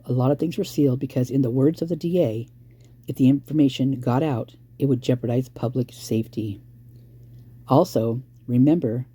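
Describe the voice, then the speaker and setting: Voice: mid-range voice, warm tone, slightly rough. A true-crime commentator talking casually and speculatively straight to viewers, addressing them directly.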